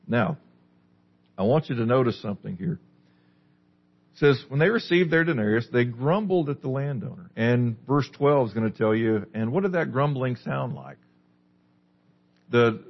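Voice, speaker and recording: A man's voice: mid-range voice, muffled recording. A man preaching a sermon as a pastor, teaching a small group with questions in a conversational way. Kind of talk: sermon, Bible study.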